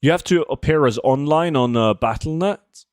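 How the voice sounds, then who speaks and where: A man's voice: a little high, moderate pace, smooth, no room sound, clean studio sound. A man in his twenties chatting casually with his chat while playing a game on a livestream. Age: 20s. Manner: relaxed, answering chat while gaming. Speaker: streamer.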